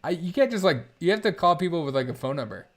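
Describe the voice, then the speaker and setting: A male host in loose, comedic chat, laughing often and rambling as he talks himself through a prank. His voice sits slightly high for a man. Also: animated, fast. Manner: giggly, rambling, self-mocking. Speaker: show host. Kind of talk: casual comedic livestream chat.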